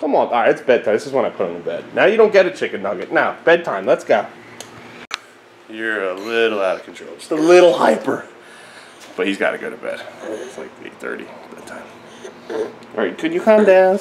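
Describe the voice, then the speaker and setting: Dad talking to toddlers, lively voice. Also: male voice, a little fast. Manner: jumps to a high sing-song voice talking to his toddlers. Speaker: father filming his kids. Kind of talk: casual family vlog. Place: family home, living room. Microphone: handheld camera. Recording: noisy home camera audio.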